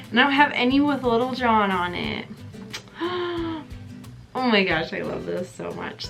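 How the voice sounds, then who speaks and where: Woman, excited vlogger, gushing, emotional, fairly high voice, soft music behind. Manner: gushing, excited, breathy gasps, many fillers. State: emotional, near tears. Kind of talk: casual vlog chat.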